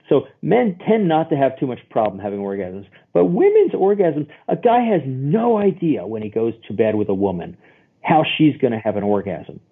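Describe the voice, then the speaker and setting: Man as therapist guest, easygoing and explanatory; husky, heard over a phone line. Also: medium pitch. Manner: chatty, explains with homely examples and quoted voices. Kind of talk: podcast interview answers.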